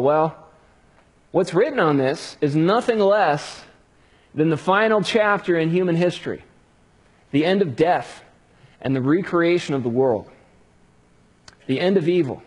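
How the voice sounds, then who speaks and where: A man preaching a sermon, building drama with hushed pauses and rising emphasis. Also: a little high, expressive, husky. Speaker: pastor.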